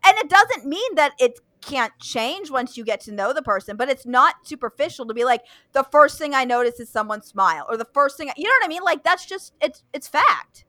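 A woman's voice: sits high, big pitch swings, a little fast, few pauses, bright, forceful tone, dry recording. A young woman hosting a casual chat, blunt and profane, with lots of fillers and restarts. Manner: blunt, swears freely, many fillers and restarts. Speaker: podcast host.

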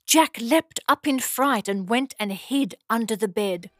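A woman narrating a fairy tale for children in slow, simple, clear phrasing. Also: on the high side, expressive, a bit bright, dry recording, clean studio sound, faint music behind. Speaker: storyteller.

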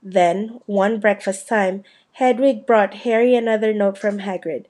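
Mellow woman reading a storybook. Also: mid-range voice, a little slow. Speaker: audiobook reader. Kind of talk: storybook narration.

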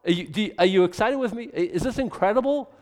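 Male pastor, animated sermon, stumbling restarts, fairly high voice, long hall echo. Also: quick pace. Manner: animated, excitable preaching with repeated restarts.

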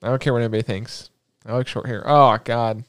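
A young man co-hosting a podcast, excitable and joking, rambling in casual chat. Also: mid-range voice, a little fast, clear, resonant tone, no echo, studio quality. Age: young adult. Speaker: podcast co-host.

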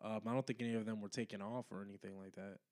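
A young man co-hosting a casual comedic podcast who laughs often and breaks into incredulous, high-pitched outbursts. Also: steady tone, very fast, a little mellow, no room sound, studio quality. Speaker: podcast co-host.

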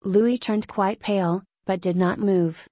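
A woman narrating a dark literary tale in the first person, giving a dramatic reading. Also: mid-range voice, steady tone, unhurried, dry recording. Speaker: audiobook narrator.

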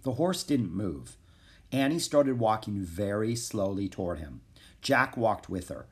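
A man narrating a children's chapter book in a calm, even reading voice. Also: lowish voice, a little slow. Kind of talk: storybook narration.

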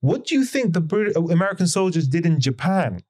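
Emphatic lecturing man, fairly high voice. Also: very animated, fairly quick, a little mellow. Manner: emphatic, lecturing, many rhetorical questions. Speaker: podcast guest. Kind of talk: conversational podcast lecture.

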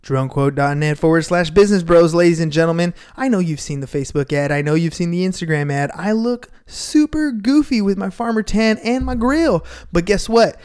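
A man's voice: high voice, fairly quick, few pauses, darkish tone, smooth. A man co-hosting a podcast, doing an upbeat, salesy sponsor read in a casual way. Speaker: podcast co-host.

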